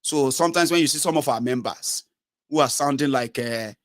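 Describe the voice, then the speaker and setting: Speaking fairly quickly, a Nigerian man runs a political talk show and gives an animated monologue on politics as the channel's host and commentator. He moves between English, Pidgin and Yoruba, with a Nigerian English accent, and imitates callers by raising his voice high.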